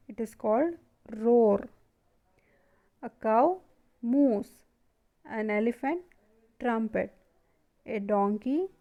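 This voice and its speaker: Brief: woman, grade school teacher, slow and patient, higher-pitched, dull lo-fi recording. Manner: slow, asks and answers her own questions. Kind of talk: classroom lesson video.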